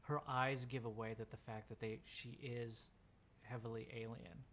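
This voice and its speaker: A man's voice: medium pitch, level tone, normal speed, fairly bright tone. A man acting as game master, describing scenes in a tabletop game over voice chat, with a lot of filler words.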